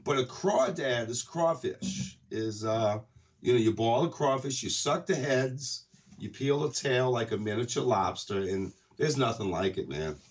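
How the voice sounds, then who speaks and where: A man from Louisiana with a Cajun accent, chatting loudly and jokingly over an internet call on a radio show. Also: mid-range voice, a little slow, distant mic, lo-fi sound. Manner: loud, joking, rambling storyteller. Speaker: guest co-host on a call. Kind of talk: casual radio chat.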